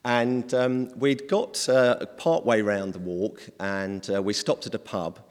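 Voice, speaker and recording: Low-voiced preacher in a reverberant hall. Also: male voice, steady tone, slow pace, smooth. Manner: conversational and hesitant, with many ums. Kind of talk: informal sermon.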